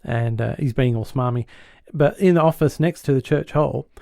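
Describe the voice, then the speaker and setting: A man hosting a podcast, retelling a sitcom episode in an animated way and chuckling often. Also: medium pitch, moderate pace, creaky, dry recording, clean studio sound. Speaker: podcast host.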